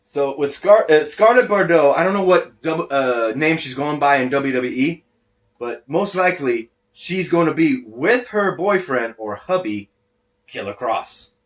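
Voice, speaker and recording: A man's voice: fairly high pitch, expressive, measured pace. A man hosting a casual wrestling podcast, rambling and losing his train of thought, a little short of breath while talking through a face mask. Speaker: podcast host. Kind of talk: casual wrestling recap chat. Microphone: wearing a face mask.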